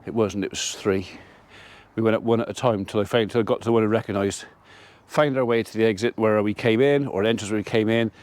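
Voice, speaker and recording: A man who farms and vlogs tells a meandering story about his day to camera, quoting dialogue as he goes. He talks fast in a lowish, darkish voice with fairly even intonation, and there is no echo.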